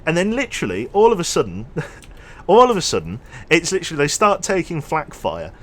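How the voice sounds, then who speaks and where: A young man casually commentating his gameplay on a livestream, chatty and quick to launch into an animated story. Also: on the high side. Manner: chatty, animated storyteller who thanks subscribers. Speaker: streamer.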